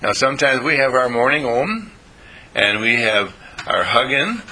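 A man's voice: medium pitch, expressive, a little slow, sharp tone, husky. An older man giving a folksy, meandering spiritual talk to a small group, playful and chatty.

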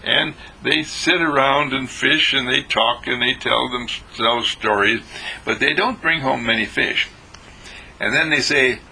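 Gravelly, husky male storyteller. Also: medium pitch, sharp tone, rough recording. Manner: rambling, chuckling, with pauses and repeated words. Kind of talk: spiritual storytelling.

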